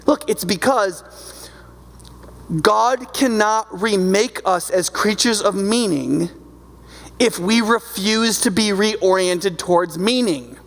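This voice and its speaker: A man's voice: high-pitched, takes it slowly, a bit bright. A male pastor preaching a sermon in a loose, conversational way, often checking in with his listeners. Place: church sanctuary. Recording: long hall reverb from a church.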